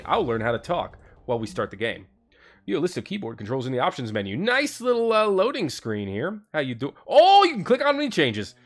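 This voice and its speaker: A young man hosting a let's play, chatting excitably and reading game text aloud over faint music. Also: on the high side. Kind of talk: casual gameplay commentary.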